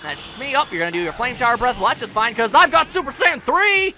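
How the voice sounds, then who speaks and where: A man's voice: extremely high pitch, lively intonation, fast talker, sharp tone. A man hosting a let's play, commentating with goofy jokes and taunting the enemy. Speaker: gaming channel host. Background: faint game music.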